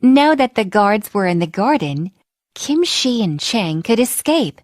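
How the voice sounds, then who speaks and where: Woman reading a kids story, slow and bouncy, dry close sound. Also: mid-range voice, dry recording. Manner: slow and expressive, acting out the characters. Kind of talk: children's storybook read-aloud.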